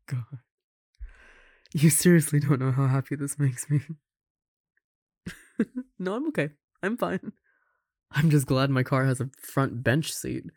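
A performer voicing a caring roommate who confesses love in a romantic audio roleplay, speaking softly with gentle laughs and sighs. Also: mid-range voice, slow pace, long pauses, slightly rough, no echo, studio quality. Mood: tender.

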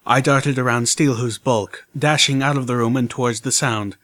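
A man reading a first-person story aloud in measured, scripted narration. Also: medium pitch, steady tone, fairly bright tone. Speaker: audiobook narrator.

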